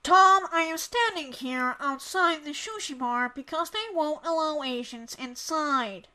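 A flustered grown woman from a cartoon, put on by a young man. The voice sits high and clipped and rattles off the line in one go. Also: unhurried, sharp tone, full character voice. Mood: complaining. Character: flustered adult woman calling from outside a shop. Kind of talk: cartoon impression.

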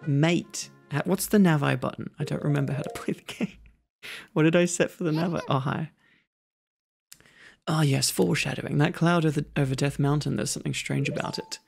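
A host giving relaxed, rambling ASMR gameplay commentary, low energy and self-mocking, with game music behind. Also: fairly quick, creaky. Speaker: gaming channel host. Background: video game music.

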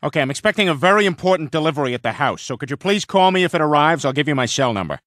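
Peter Griffin, a blustering cartoon dad. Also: male voice, a little high, animated, very fast, a bit bright, no room sound, clean studio sound. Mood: chummy. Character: loud dim-witted middle-aged cartoon dad. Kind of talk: animated sitcom dialogue.

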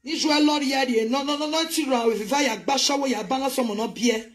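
High-voiced Nigerian woman ranting. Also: very fast. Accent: Nigerian Pidgin English. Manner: animated, scolding, mixes English with local languages. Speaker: host. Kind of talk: live commentary on online drama.

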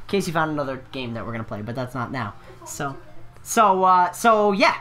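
A man's voice: fairly high pitch, animated, normal speed, pushed and bright. Rambling young man commenting on a game. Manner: rambling with frequent fillers and swearing. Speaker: let's play host. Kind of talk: casual gaming commentary.

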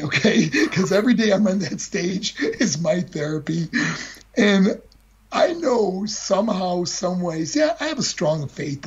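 Very husky man, earnest. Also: sits high, darkish tone. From United States. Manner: earnest, heartfelt, repeats words. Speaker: guest speaker. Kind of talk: emotional personal storytelling. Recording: dull lo-fi call audio.

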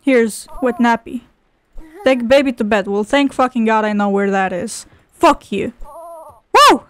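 A young woman plays a game on her video channel, tossing out casual, foul-mouthed, sarcastic remarks and plenty of exclamations. Her voice is a little high with lively intonation and a measured pace.

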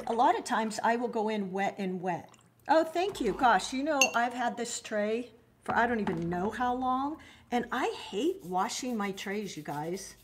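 A middle-aged woman runs a live watercolor lesson in a friendly, chatty way. She greets her viewers by name and often trails off or restarts mid-thought. She jokes about her own shortcomings as she goes. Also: mid-range voice. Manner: self-deprecating, loses her thread mid-sentence. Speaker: watercolor art teacher. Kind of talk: live-streamed painting lesson.

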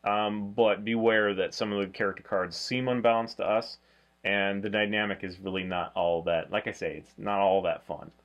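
A man hosting a casual board game review, talking in a flat, low-key way. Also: normal speed, muffled recording. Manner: low-key, flat delivery, self-described monotone.

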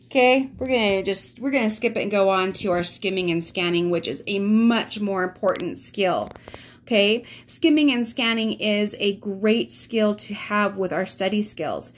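A woman's voice: medium pitch, moderate pace. Friendly chatty woman teacher. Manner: friendly and chatty, addresses kids as guys. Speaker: fourth grade teacher. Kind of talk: remote reading lesson to students.

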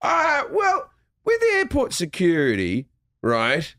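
A man's voice: sits high, huge pitch swings, takes it slowly, pushed and bright, no echo. Brief: man, podcast banter, teasing, swears, dry close sound. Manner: playful teasing, swears freely. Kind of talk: casual comedic chat.

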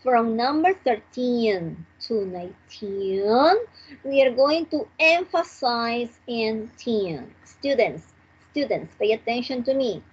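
A woman leads an online English class, talking slowly and repeating each word for practice. Her voice is very husky and fairly high, and it comes through a dull, lo-fi video call. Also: lively intonation. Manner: slow, drilling repetition, switching between English and Spanish. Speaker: English teacher.

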